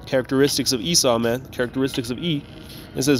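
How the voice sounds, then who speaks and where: A man's voice: mid-range voice, fairly even intonation, a little hiss or hum. Man teaching scripture in a casual way. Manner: reads verses slowly and emphatically, then talks loosely, tagging lines with "man". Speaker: Bible teacher. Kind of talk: scripture reading with casual commentary.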